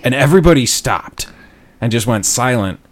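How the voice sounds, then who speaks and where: A man co-hosting a casual chat show, telling a profane story and loudly acting out what people said. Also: mid-range voice, moderate pace. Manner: profane, animated storyteller, loud acted-out quotes.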